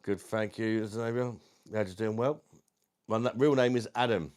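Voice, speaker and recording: Man, London accent, fairly low pitch, casual livestream host, matey and chatty, at home. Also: fairly even intonation, normal speed, a little mellow. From South East London. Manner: chatty and matey, calls viewers mate. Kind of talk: casual livestream chat, reading out comments.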